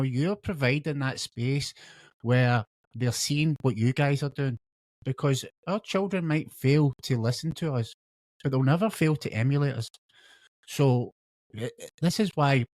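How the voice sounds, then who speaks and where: Man, podcast host, enthusiastic, affirming, dry close recording, mid pitch. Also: darkish tone, no room sound. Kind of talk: casual conversational interview.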